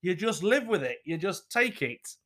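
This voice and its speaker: Man, podcast host, sweary, lively pitch. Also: moderate pace, slight background noise. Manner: sweary, animated, laughing asides. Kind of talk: comic podcast reading letters.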